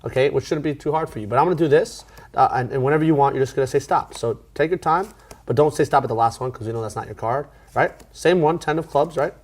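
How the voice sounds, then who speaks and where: In a laid-back card magic tutorial, a man with a mid-range voice explains a routine fast, with plenty of fillers and restarts along the way.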